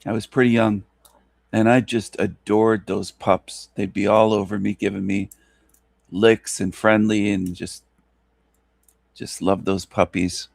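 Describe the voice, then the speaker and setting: A man's voice: on the low side, level tone, unhurried, gravelly, dry recording. A man hosting a show, talking in a rambling, repetitive, mocking monologue. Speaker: show host.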